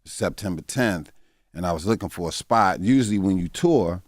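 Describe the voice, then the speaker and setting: A man in his fifties with a very deep voice speaks as a comedian guest in a candid interview. His talk is halting and reflective, full of fillers and restarts. The studio sound is dry and close, with no room echo. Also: lively intonation. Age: 50s.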